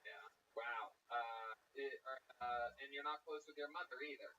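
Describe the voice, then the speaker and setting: A man's voice: mid-range voice, fairly even intonation, measured pace, bright, forceful tone, muffled recording. A man hosting a comedy show, doing crowd work with brash, profane, mocking banter from a club stage. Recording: distant mic with faint noise.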